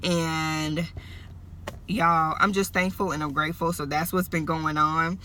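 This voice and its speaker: A woman's voice: deep voice, level tone, a little slow, bright, forceful tone, a little hiss or hum. A woman in her thirties giving an earnest, emotional faith talk, speaking straight to her viewers. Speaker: vlogger. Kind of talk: faith-based personal talk to camera.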